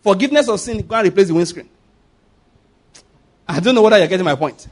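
A man with a Nigerian accent preaches a sermon, emphatic and rhetorical, acting out quoted pleas and often asking whether listeners get his point. His voice is high-pitched, expressive and fast.

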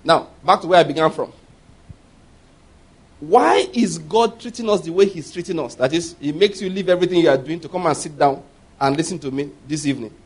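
A middle-aged pastor preaches a sermon in a brisk, husky voice that's a little high. He tells personal stories, acting out quoted voices with animation and laughing at his own tales.

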